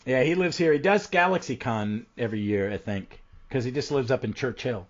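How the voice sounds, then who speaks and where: Male podcast host, casual rambling recap, mid pitch, muffled lo-fi audio. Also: fairly quick. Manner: rambling recap with frequent ums and restarts. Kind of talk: casual comic book podcast chat. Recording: dull lo-fi audio.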